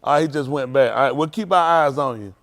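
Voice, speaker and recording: A fast-talking pastor playfully ribs the youth in his congregation hall, naming them one by one during an informal sermon with youth check-ins. He has a high, lively voice that breaks into mock singing, and his phrasing is Southern Black vernacular.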